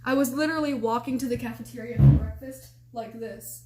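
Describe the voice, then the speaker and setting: A woman in her twenties telling a story to the camera, chatty and loose, with "like" and "you know" scattered everywhere. Her voice sits a bit higher than most women's. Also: brisk, dark tone. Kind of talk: casual storytime vlog.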